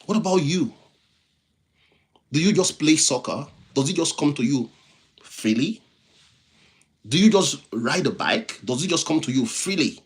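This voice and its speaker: On a motivational livestream, a male host with a non-native English accent speaks at a moderate pace in a higher-leaning voice with lively intonation. He repeats his preaching lines and reads viewers' comments, thanking them individually by name.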